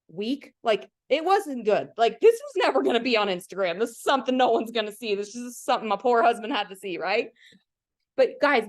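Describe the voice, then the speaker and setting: A woman hosting a coaching call over video, telling an emotional personal story in an earnest, chatty way, full of "like" and direct questions to her listeners. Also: on the high side. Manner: emotional, earnest, heavy use of "like", addresses the audience directly.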